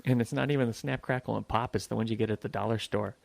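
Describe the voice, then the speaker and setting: A man's voice: fairly low pitch, steady tone, fast, gravelly, a little mellow, no room sound. A man co-hosting a podcast, chatting casually with sarcastic, crude jokes. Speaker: podcast co-host. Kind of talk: casual chat. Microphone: new microphone.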